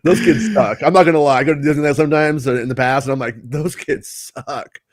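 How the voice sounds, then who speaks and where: A man chats loosely on a podcast, stumbling through restarts and tossing in jokes as he goes. His voice sits a bit high for a man. The recording is dry and close, with no room sound. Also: racing, dry recording. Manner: rambling, self-interrupting, jokey. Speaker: podcast co-host. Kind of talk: casual podcast banter.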